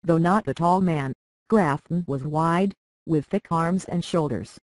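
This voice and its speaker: A narrator reading a fantasy novel with steady, brisk storytelling. The sound is dry and close-miked, with an even middle pitch. Nothing else is heard behind the voice. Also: dry recording.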